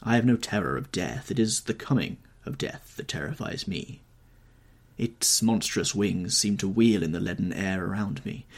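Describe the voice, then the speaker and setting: A man voicing a nervous, brooding young gentleman, anxious and pleading, in an audiobook reading. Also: low-pitched, normal speed, breathy edge. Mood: haunted.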